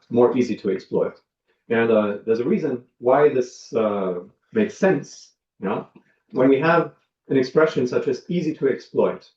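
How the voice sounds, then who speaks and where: A man lecturing on linguistics, talking in a measured way with many ums and uhs as he works through examples. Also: medium pitch, darkish tone. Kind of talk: academic lecture. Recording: dull lo-fi sound, roomy, from a distance.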